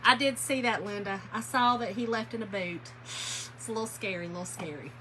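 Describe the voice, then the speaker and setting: A woman with a mid-range, pushed, bright voice talks a little fast on a low-quality recording. While painting furniture during a casual livestream, she chats, laughs, tells stories, and calls her viewers "y'all." Workshop sounds of sanding and rubbing are in the background.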